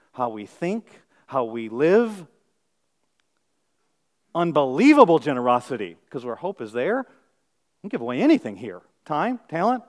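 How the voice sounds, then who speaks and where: A male pastor delivers a sermon at medium pitch in a conversational, self-deprecating style, moving from quiet asides to loud, emphatic peaks.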